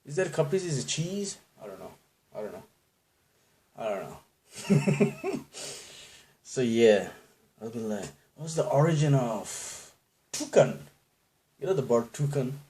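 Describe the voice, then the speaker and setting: A man from Bangladesh talks alone on his podcast in a mid-pitched voice. He jumps from tangent to tangent, trips over restarts and chuckles at his own nerdy jokes. He is self-deprecating and loose. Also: sing-song, a little slow, pauses often, dark tone. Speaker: podcast host. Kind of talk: casual solo podcast rambling.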